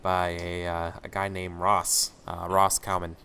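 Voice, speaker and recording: Deep-voiced man from Washington State. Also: monotone, unhurried, creaky, heavy background noise. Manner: casual, rambling with fillers. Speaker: player. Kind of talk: casual game introduction.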